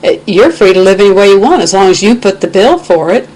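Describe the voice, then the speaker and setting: On a webcam microphone, an American video blogger from the United States rants with passion and indignation, quoting scripture along the way. Her medium-pitched voice is animated, quick, and a little mellow, and the recording quality is low.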